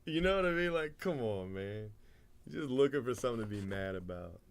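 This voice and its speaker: A man's voice: mid-range voice, lively intonation, fairly quick. A man hosting a live card break stream, chatting casually, laughing often and rattling off player names.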